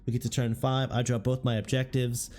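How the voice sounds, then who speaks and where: A hoarse man casually recounting events in a relaxed, rambling way with frequent restarts. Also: medium pitch, brisk. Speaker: tabletop wargame content creator. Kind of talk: relaxed spoken recap.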